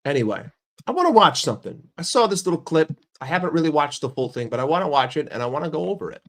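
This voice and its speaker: A man's voice: on the high side, sing-song, fast, fairly bright tone. A young man ranting on a livestream about his football team, swearing a lot and firing questions at his chat. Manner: profane, heated and argumentative. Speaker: football streamer.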